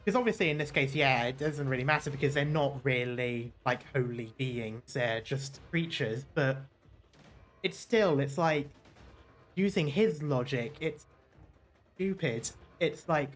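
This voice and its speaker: Casual let's-play streamer, middle pitch, rambles and restarts, swears a bit, faint game music under it. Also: measured pace. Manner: rambling, self-correcting, swears, laughs.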